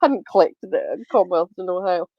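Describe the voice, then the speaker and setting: A woman's voice: lowish voice, lively intonation, normal speed, no room sound, highs cut off. A woman podcast co-host recapping a TV episode in casual chat, retelling scenes with many ums and acting out the lines.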